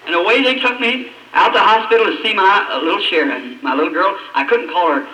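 A man preaching an emotional testimony, his voice breaking and climbing high, with long dramatic pauses. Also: pushed and bright. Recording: old echoey hall recording from a distance, faint hiss.

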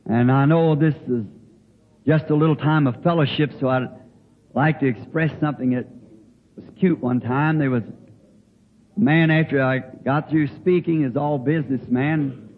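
An older man preaching in a folksy way, telling a homespun story with halting restarts. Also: on the high side, fairly even intonation. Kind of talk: folksy sermon anecdote. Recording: tinny phone-like old recording with faint hiss.

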